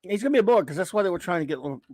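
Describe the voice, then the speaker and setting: A higher-pitched man chatting as a podcast co-host, blunt and sarcastic. His voice is recorded dry, with no noticeable echo. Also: animated, very fast, darkish tone. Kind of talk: casual chat.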